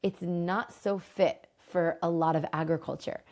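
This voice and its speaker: A woman hosting a casual lesson, retelling a Bible story in an animated, enthusiastic, chatty way. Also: on the low side, a little slow. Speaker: host and Bible teacher.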